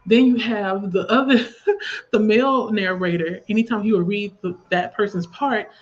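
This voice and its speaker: A woman's voice: mid-range voice, moderate pace. A woman with a Southern US accent, hosting a casual livestream and chatting at length as she reads viewer comments aloud. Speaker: livestream host. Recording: slightly dull lo-fi stream audio.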